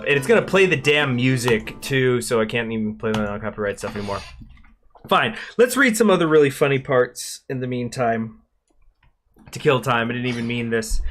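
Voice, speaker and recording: A man's voice: mid-range voice, a bit bright. Chatty, cursing man hosting a game stream. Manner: rambling, chatty, swears freely. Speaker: gaming channel host. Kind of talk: casual gameplay commentary.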